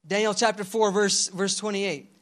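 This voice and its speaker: A young man leads a casual youth sermon in a high voice, full of slang like "bro" and "dude." He keeps it animated and regularly prompts the congregation to call back. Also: normal speed. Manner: slangy, animated, calls for crowd responses. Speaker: pastor.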